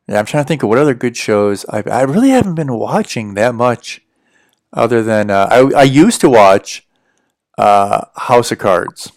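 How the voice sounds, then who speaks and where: A man's voice: medium pitch, expressive, normal speed, no room sound, studio quality. A man from the United States with a general American accent, rambling casually as he chats to viewers on a livestream. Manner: rambling, chatty, answers viewer questions. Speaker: livestream host.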